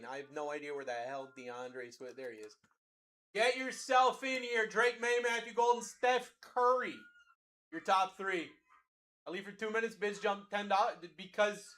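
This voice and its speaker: Hyped man hosting a card break stream. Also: high voice. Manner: energetic, talks fast to chat, calls out players. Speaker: card break livestream host. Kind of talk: hyped live-selling patter.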